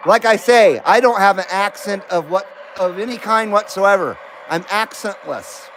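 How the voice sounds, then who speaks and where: A man's voice: sits high, normal speed, fairly bright tone, a little hiss or hum. A middle-aged man hosting a live CB radio stream, chatting casually and joking easily with radio contacts.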